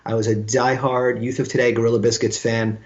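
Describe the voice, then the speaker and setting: A man's voice: mid-range voice, fairly quick. A man, telling stories as a guest in a casual interview and acting out the voices of the people he quotes. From Brooklyn, New York. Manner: animated storyteller who acts out quoted dialogue. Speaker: guest musician. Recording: slightly dull lo-fi sound.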